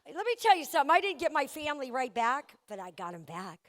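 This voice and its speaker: A woman's voice: high-pitched, big pitch swings, quick pace. A young woman giving a candid, humorous talk about her recovery to a live meeting audience, with frequent restarts. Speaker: guest speaker sharing her recovery story. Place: event venue before a live audience.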